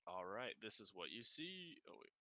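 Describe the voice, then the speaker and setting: Bright-voiced man running a tabletop game. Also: on the low side, sing-song. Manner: halting, restarts mid-sentence. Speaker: game master.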